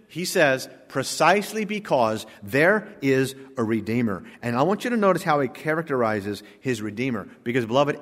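A male pastor preaching a sermon, emphatic, firing off rhetorical questions and swinging from hushed to loud. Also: medium pitch. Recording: long reverb of a large hall.

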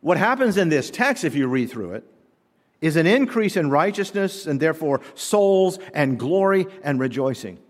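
A male pastor delivers an emphatic sermon in a church sanctuary. His fairly high voice rises and falls in wide, animated swings as he poses rhetorical questions. Long reverb trails each phrase through the hall. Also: moderate pace.

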